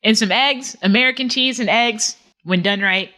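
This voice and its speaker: A woman's voice: on the high side, normal speed, pushed and bright. A woman hosting a podcast, chatting casually with jokey asides about reality TV. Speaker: podcast host.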